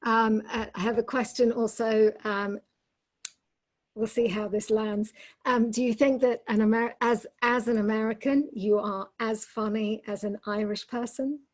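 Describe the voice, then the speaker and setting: Soft-spoken woman hosting a Q&A. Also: fairly high pitch, steady tone, unhurried. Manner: hesitant, soft-spoken, lots of ums. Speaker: summit host and moderator. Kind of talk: moderating a Q&A.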